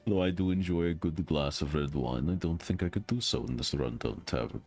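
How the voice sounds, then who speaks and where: Refined scholarly detective, low and deep, read by a man for a game playthrough. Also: expressive, fairly quick, vocal fry, darkish tone, full character voice. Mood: measured.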